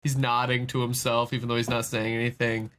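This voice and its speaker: A man's voice: mid-range voice, little pitch movement, brisk, a bit bright. A man playing a tabletop game, describing his character's actions in a rambling way with many fillers. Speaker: player.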